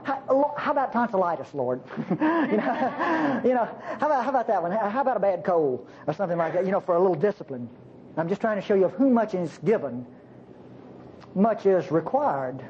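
Animated preacher, sermon with playful asides, swooping pitch, dull recording with faint hiss. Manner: animated, jokey asides to the congregation.

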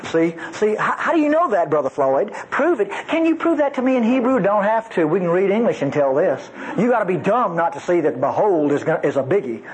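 Animated high-voiced preacher. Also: male voice, brisk, few pauses, slightly rough, poor audio. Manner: animated, emphatic and folksy, with playful asides. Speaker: Bible teacher. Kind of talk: teaching sermon.

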